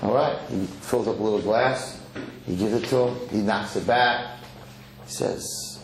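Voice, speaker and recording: Gravelly rabbi telling a parable. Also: male voice, lowish voice, measured pace, slight background noise. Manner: animated storyteller with Yiddish words. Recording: echoey hall, faint ambience.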